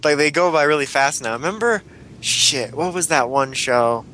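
A man's voice: fairly high pitch, normal speed, bright, forceful tone, a little hiss or hum. A young man co-hosting a casual chat, rambling, swearing now and then, laughing often.

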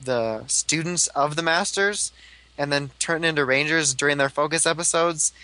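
Bright-voiced young man rambling casually. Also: a little high, moderate pace, no room sound, low-quality recording. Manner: rambling, lots of "like" fillers. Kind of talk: casual fan chat.

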